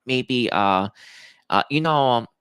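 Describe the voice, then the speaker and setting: A young man giving a tarot reading to viewers, emotional and halting, with many fillers and restarts. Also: mid-range voice, expressive, a bit bright, clean tone, no echo. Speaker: tarot reader.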